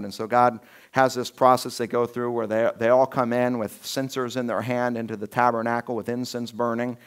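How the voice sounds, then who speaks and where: Man, pastor, conversational sermon, middle pitch, casual storytelling, acted-out quotes. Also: little pitch movement, moderate pace, clean tone. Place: church sanctuary.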